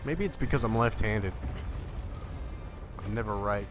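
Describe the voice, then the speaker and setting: A man's voice: on the low side, measured pace, over music. A man hosting a live stream, chatting casually with viewers and joking while he plays a game. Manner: chatty and joking, answers chat. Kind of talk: casual live gameplay commentary.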